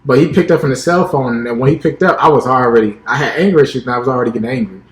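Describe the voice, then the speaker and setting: A man's voice: mid-range voice, rapid-fire. Man, young adult, podcast co-host, casual storytelling, echoey room. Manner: acts out quoted dialogue, restarts often.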